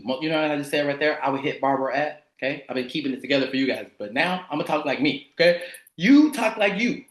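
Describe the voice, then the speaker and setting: A man leading a sales team training over a video call, energetic and slangy. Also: on the high side, quick pace, roomy sound.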